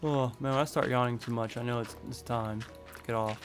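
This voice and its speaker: A man's voice: medium pitch, steady tone, a little fast, faint music behind. A man live-streaming a building game, thinking aloud in a rambling, casual way.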